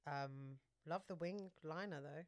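A woman with a deep voice co-hosts a casual podcast about red-carpet fashion, speaking at a measured pace on a dry recording. She is chatty and giggly, describing outfits with plenty of fillers.

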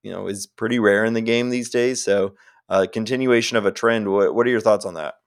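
Guy cohosting a baseball podcast, lowish voice, jokey and loose. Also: fairly even intonation, a little fast. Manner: laughs easily, loose and joking. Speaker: podcast co-host. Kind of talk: casual sports chat.

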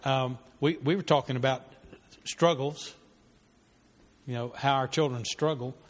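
A man's voice: mid-range voice, fairly even intonation, measured pace. A man leading a church parenting class, talking earnestly and conversationally, with fillers and restarts. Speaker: pastor teaching a parenting class. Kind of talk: sermon-style teaching with a story. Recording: long hall reverb.

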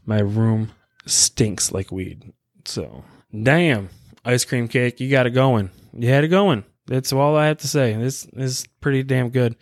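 A man chatting on his own podcast in a loose, rambling way, chuckling as he goes. He talks at a middling pitch, and his voice sounds close and dry, as if recorded in a small room with no echo. He is plainly high and unhurried. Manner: rambling, laid-back, chuckling often. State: high on cannabis. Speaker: podcast host. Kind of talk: casual solo podcast chat.

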